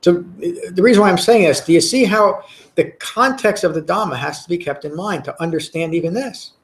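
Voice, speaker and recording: A man's voice: sits high, moderate pace. A man giving a Dhamma talk to a meditation class, earnest and emphatic, often repeating words and restarting phrases. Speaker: meditation teacher. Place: meditation center.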